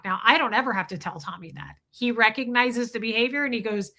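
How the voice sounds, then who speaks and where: Candid woman streamer with a bright, forceful voice, chatting bluntly to viewers. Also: on the high side, a little fast. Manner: candid and blunt, swears freely, animated. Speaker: livestream host. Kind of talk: casual livestream chat answering viewers.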